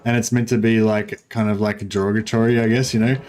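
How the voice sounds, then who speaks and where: A man's voice: on the low side, level tone, fast, a little mellow. An Australian man streaming a strategy game, chatting casually and rambling with many fillers and restarts. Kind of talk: casual gaming livestream chat.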